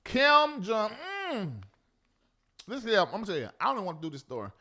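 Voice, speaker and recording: A man hosting a live talk show, preaching and scolding theatrically with sudden shouts. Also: sits high, wildly swooping pitch, brisk.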